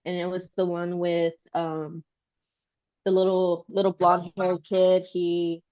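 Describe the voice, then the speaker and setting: A woman's voice: on the low side, little pitch movement, takes it slowly, muffled recording. A woman chatting casually and rambling, with lots of fillers and giggles. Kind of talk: casual chat.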